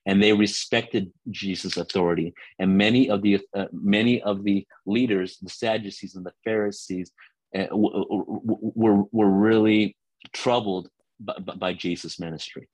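A man preaching a teaching sermon to listeners on a call line, earnest, often restarting words and slowing down for scripture. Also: fairly low pitch, fairly even intonation, no room sound, poor audio.

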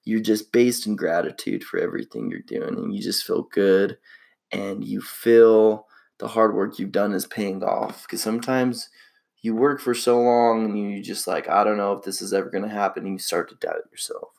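A man's voice: fairly low pitch, moderate pace, vocal fry, a little mellow. A young man hosting a casual solo podcast, laid-back and slangy, reflecting on his life. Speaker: podcast host.

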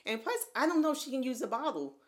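Woman in her thirties, podcast co-host, lively storyteller, acts out quotes, casual chat. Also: high voice, fast talker. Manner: animated, acts out quotes of others.

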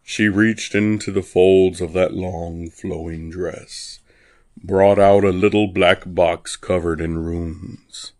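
A man narrating a dark first-person story in a wry, deadpan way. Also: deep voice, takes it slowly, no echo.

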